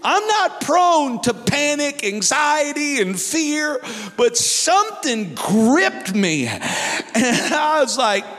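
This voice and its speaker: A man with a very high voice preaches a fervent sermon, telling his own story to a congregation. The sound carries a long, ringing reverb from a large hall. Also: sing-song, slow, a bit bright. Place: church hall.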